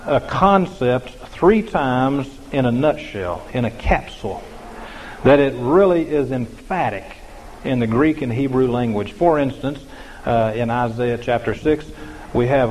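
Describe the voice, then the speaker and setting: A man's voice: medium pitch, measured pace, big-room sound, a little hiss or hum, rough recording. A man preaching a sermon as pastor, in a conversational way with many fillers and restarts.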